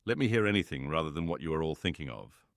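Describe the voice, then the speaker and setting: A quick-witted young heroine speaking with studied carelessness, read by a man. The voice remains very low, close and dry. It is read for an audiobook of a classic novel. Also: animated, vocal fry, no echo, exaggerated voice. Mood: evasive. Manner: careless, laughing off.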